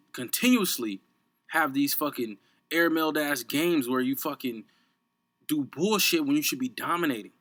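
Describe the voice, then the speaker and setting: A man's voice: fairly high pitch, normal speed, a bit bright. A young man from Chicago hosting a podcast, ranting about sports in a heated, profane way and repeating himself. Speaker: podcast host. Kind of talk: unscripted sports rant.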